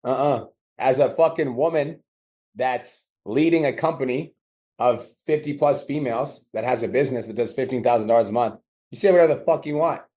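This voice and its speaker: Fast-talking blunt man coaching. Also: mid-range voice, mellow. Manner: blunt, profane, acts out dialogue. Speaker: business coach. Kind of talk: coaching call.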